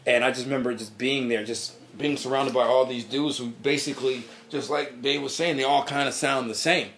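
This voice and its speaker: Casting: rambling, profane male co-host, mid pitch, casual chat. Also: fairly even intonation, brisk, fairly bright tone, slight background noise. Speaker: podcast co-host.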